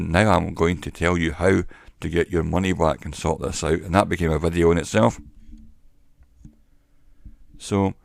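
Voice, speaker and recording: Very deep, gravelly man. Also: dry recording, clean studio sound. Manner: slow, deliberate, wry storytelling with pauses. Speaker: vlogger; former salesman. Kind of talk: casual monologue to camera. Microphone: cheap microphone.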